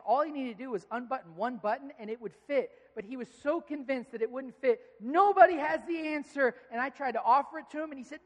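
Man preaching in a reverberant hall. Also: very high-pitched. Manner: conversational storytelling with emphatic, rising pleas. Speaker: pastor. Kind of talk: sermon.

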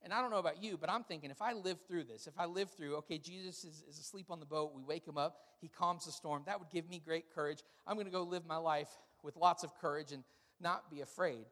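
A man, a pastor, preaching a sermon with humorous, animated storytelling. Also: fairly high pitch, a little fast, long reverb tail.

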